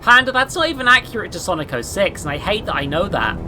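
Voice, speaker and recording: Excitable, rambling woman streamer. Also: medium pitch, quick pace, a little hiss or hum. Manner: rambling, excitable, swears a lot. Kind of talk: casual gameplay commentary.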